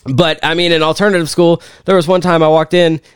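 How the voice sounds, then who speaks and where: A man's voice: fairly high pitch, little pitch movement, fairly quick, smooth, no echo, studio quality. A young man co-hosting a podcast, telling rambling stories in casual chat and swearing often. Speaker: podcast co-host.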